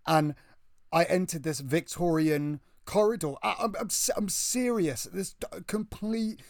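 A man with a British accent telling a story in casual chat, excitable and breathless, often restarting his sentences. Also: a little high, dry recording, studio quality.

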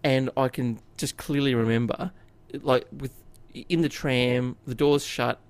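A man's voice: medium pitch, steady tone, a little slow, clear, resonant tone. A man telling a long personal story in casual chat on a podcast, with lots of fillers and restarts. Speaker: podcast co-host.

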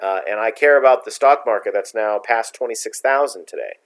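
A man's voice: on the low side, brisk. Blunt, ranting middle-aged man. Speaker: podcast co-host. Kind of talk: casual political chat.

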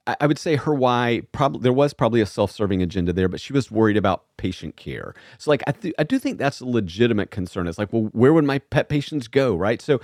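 A man's voice: on the low side, fast, hardly any pauses, dry recording, clean studio sound. A man co-hosting a podcast in casual chat, telling stories and acting out quotes with animation. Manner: animated, storytelling with acted-out quotes. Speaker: podcast co-host.

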